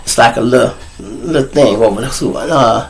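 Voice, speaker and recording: A middle-aged man, hosting his show and telling a profane, animated story straight to his audience. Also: mid-range voice, normal speed, creaky. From Chicago. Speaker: show host. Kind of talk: storytelling monologue.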